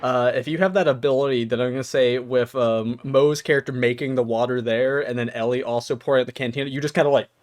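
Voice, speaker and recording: A man's voice: mid-range voice, steady tone, fast talker, hardly any pauses. A man running a tabletop game as game master. He laughs often and talks with many ums and likes.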